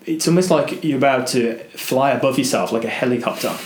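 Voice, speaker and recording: A man guesting on a podcast, telling an adventure story in an animated way, acting out voices and restarting his sentences. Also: medium pitch, a little fast, reverberant. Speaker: guest, adventurer and motivational speaker.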